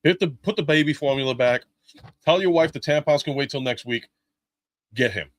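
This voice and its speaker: A man's voice: fairly high pitch, a little fast. A middle-aged man live-streaming a toy unboxing, chatting casually with jokes, swearing and lots of fillers.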